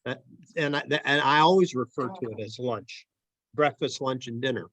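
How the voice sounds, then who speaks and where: A man's voice: mid-range voice, normal speed, a bit bright, no echo. A middle-aged man from Ohio with a Midwest accent, leading a church study group in a loose, conversational way with frequent ums. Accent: Midwest American. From Akron, Ohio. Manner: conversational, many ums and restarts. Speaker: Bible study leader.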